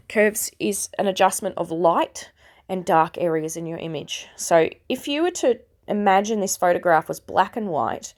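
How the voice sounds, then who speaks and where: A woman in her thirties, hoarse and croaky from a cold, with a gravelly edge to her voice. She explains a photo-editing tutorial in a chatty, self-deprecating way, one step at a time. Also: on the low side, darkish tone. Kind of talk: casual screen-recorded tutorial.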